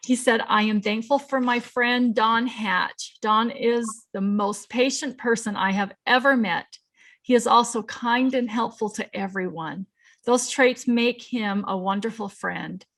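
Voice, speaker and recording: Cheerful higher-voiced woman host. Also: fairly even intonation, unhurried. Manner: warm-hearted, laughs often, easily moved. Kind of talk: casual chat, reading tributes aloud.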